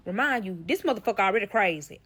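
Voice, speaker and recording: A woman tells a wild personal story, swearing freely and talking right to her listeners. Her voice sits at an ordinary middle pitch for a woman, and she keeps the telling animated and blunt. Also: fast, husky. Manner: profane, animated storytelling addressing the audience. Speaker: storyteller guest. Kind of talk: casual story time.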